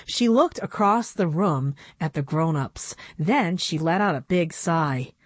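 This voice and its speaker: A woman reads a children's storybook aloud at an unhurried pace. Her pitch moves expressively through each line. The recording is dry and close. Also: animated, husky, dry recording.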